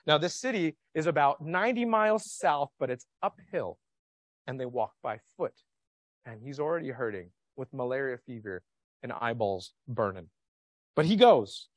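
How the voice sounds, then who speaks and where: Animated male pastor preaching. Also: mid-range voice, moderate pace, no room sound. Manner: animated, questioning the congregation. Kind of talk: sermon. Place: church sanctuary.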